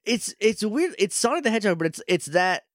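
Animated male podcast co-host, lively pitch. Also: dry recording, studio quality. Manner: animated, recounts scenes with quick impressions. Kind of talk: casual chat recapping a show.

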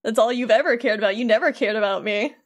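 A woman's voice: on the high side, fast, lightly acted. A woman playing a cold, sulky young game rival, accusing tone, light voice. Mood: bitter. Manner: bitter, accusing.

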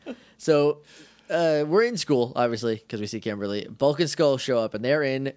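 A man co-hosting a podcast in casual chat, playful and quick to put on silly voices when he retells scenes. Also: mid-range voice, expressive, darkish tone, no room sound. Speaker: podcast co-host.

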